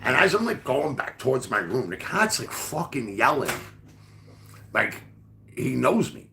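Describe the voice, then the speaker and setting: Male podcast host, forceful and animated, rambling casual storyteller. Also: mid-range voice, unhurried, vocal fry, a little hiss or hum. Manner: profane, rambling, full of fillers.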